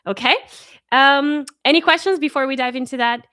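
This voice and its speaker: A woman leading a live-streamed singing warm-up as a vocal coach, encouraging and upbeat, praising her viewers often. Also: sits high, normal speed, no room sound, clean studio sound. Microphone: in front of her own camera.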